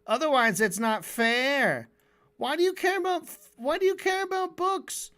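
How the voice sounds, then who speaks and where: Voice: a little slow, a bit bright. Streamer doing a whiny, petulant man. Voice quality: high, whiny, wheedling. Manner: petulant, dismissive. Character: whiny mocking caricature of a male historian. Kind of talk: mocking impression.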